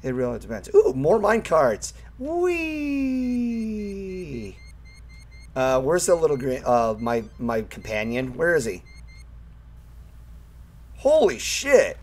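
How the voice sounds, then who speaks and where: A young man streaming a game, chatting casually, swearing often and squealing with excitement at thrilling moments. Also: mid-range voice, normal speed, hardly any pauses. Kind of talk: casual gameplay commentary.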